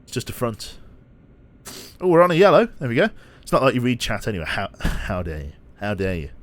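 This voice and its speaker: A man's voice: mid-range voice, very animated, brisk. A young British man streaming a train game, chatting playfully and teasing his viewers between yawns. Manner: playful, self-mocking, yawning and laughing at chat. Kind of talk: casual live-stream commentary.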